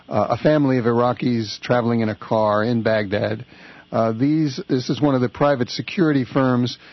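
A man's voice: mid-range voice, no echo, dull audio. A man guest-hosting a political talk radio show from a studio, talking in a conversational, wry way with filler uhs.

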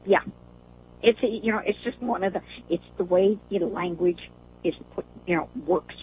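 A caller, an older woman with a lowish voice, chats casually on a show at normal speed. She keeps laughing while she talks, heard through a tinny phone line with a faint hiss.

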